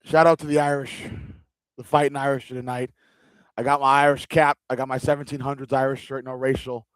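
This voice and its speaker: A man's voice: mid-range voice, level tone, fairly quick, smooth, no room sound. Chatty man streaming a fight watch-along. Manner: chatty and joking, with loose rambling restarts. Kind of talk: casual live-stream chat.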